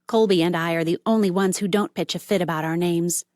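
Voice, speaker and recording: A woman's voice: on the low side, fairly even intonation, a little fast, darkish tone, no room sound, clean studio sound, lightly acted. A woman doing a bubbly chatty young barista. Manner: bubbly, brash, talkative.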